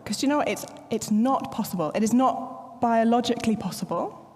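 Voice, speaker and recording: A woman, preaching a sermon in a playful, animated storytelling manner. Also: a little high, moderate pace, big-room sound, slight background noise. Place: church.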